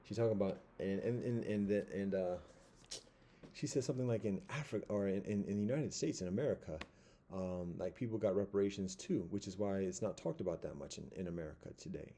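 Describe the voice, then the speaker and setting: A man giving a casual commentary monologue, halting and rambling with many fillers and restarts. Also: low voice, warm tone, a little hiss or hum.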